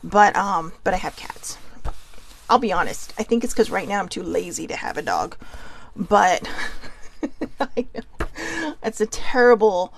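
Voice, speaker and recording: A woman's voice: mid-range voice, lively intonation, unhurried, long pauses, slight background noise. A woman hosting a casual self-help talk, chatty and goofy, laughing often and a little nervous. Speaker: podcast host.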